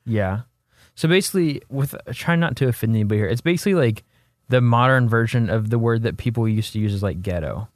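A young man co-hosting a podcast, chatting casually with quick joking banter. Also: medium pitch, animated, dry recording, clean studio sound. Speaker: podcast co-host. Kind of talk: casual chat.

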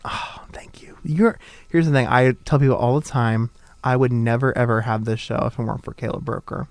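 A man's voice: medium pitch, fairly even intonation, a little fast, a little mellow, no room sound. A young man hosting a talk show, bantering playfully and gushing over his guests. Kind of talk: casual banter.

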